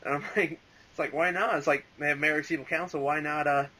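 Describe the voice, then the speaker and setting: A man's voice: a little high, little pitch movement, fast, sharp tone, poor audio. A young man rambling casually as an interview guest, full of "like" and "um" and frequent laughs. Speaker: interview guest, fan voice actor.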